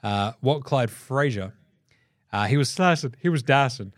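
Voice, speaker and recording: An Australian man hosts a sports chat show, his pitch swinging widely as he jokes and swears through the rundown. The sound is close and dry, with no room around him. His delivery is loose and animated, full of laughs and acted-out quotes. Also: unhurried, no echo. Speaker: podcast host.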